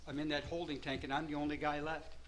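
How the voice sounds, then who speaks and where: An older man from Southern California telling his personal recovery story at a meeting, rambling at first, then growing animated and laughing. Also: fairly high pitch, quick pace, slight background noise, rough recording.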